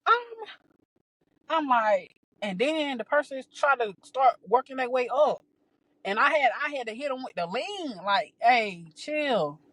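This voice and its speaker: A young adult woman hosting a podcast, telling a story in a casual, animated, profane way, with many restarts and exasperated asides. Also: high voice, moderate pace, no echo, low-quality recording. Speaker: podcast host.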